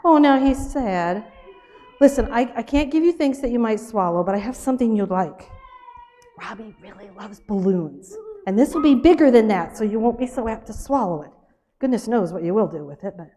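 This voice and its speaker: Animated woman telling a children's story. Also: fairly high pitch, normal speed, slight background noise. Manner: animated and laughing, scolding and coaxing. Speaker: children's storyteller at a church service. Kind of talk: playful children's story with a puppet.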